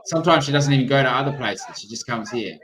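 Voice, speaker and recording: A man's voice: mid-range voice, quick pace, a crowd in the background, low-quality recording. A man from Australia with an Australian accent, chatting casually on a livestream, rambling, musing aloud and greeting viewers from the chat. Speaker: livestream co-host.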